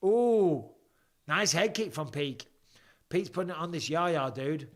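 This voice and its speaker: A man's voice: on the high side, expressive, normal speed, fairly bright tone. A man in his forties chatting casually through live fight commentary at home, joking and answering viewer questions. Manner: chatty, jokey banter reading viewer questions aloud. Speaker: live stream host.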